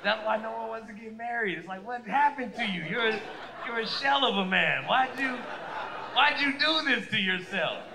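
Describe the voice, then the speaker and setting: This is a live club recording, room noise and all, of a stand-up comedian in his 30s working a laughing crowd. His voice is high with some vocal fry, and he keeps a moderate pace. Animated and foul-mouthed, he performs the voices of the people he quotes.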